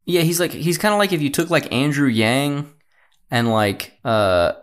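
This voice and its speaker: A man's voice: on the high side, measured pace, clear, resonant tone. A man co-hosting a podcast, talking in loose casual chat with many fillers. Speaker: podcast co-host.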